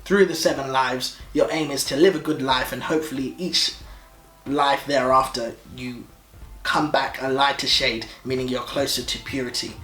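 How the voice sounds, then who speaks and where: A young man co-hosting a casual couple vlog, explaining things in a relaxed way and laughing easily. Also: mid-range voice, normal speed. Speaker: vlog co-host. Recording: echoey room.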